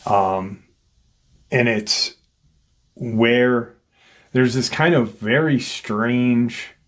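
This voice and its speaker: A man with a medium-pitched, fairly bright voice hosts his channel, unhurriedly retelling something eerie that happened to him. The storytelling is loose and rambling, and he voices the people he quotes.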